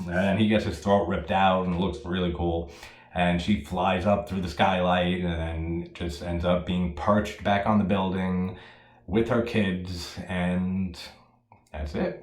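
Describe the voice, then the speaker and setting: Low-voiced man ranting about a horror film. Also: roomy sound. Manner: profane, animated, laughs at his own jokes. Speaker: horror movie reviewer. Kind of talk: casual solo movie review.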